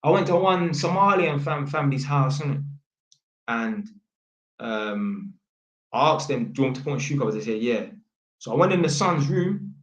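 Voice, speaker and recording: Here a young man's medium-pitched voice comes across animated at a moderate pace as he vlogs from a small table at home. He narrates in casual slang, performing phone calls in different voices, with an echoey room around him.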